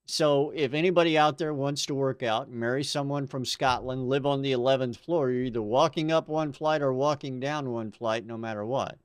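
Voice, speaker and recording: A man's voice: medium pitch, normal speed, few pauses, clear, resonant tone, no echo, studio quality. A male host of a music review show, chatty and upbeat, laughing along with his panel.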